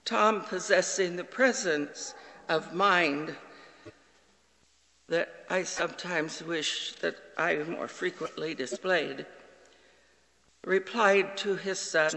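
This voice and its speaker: A man preaching a sermon in a slow, earnest way, acting out the dialogue of the story he tells. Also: on the high side, vocal fry, sharp tone, in a large hall, rough recording. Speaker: pastor.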